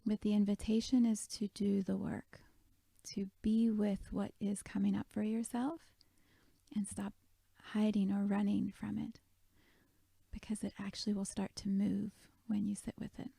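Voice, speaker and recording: Soft-spoken woman doing a guided meditation, low gravelly fry, pretty flat delivery, half whispering a lot. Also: moderate pace, no echo.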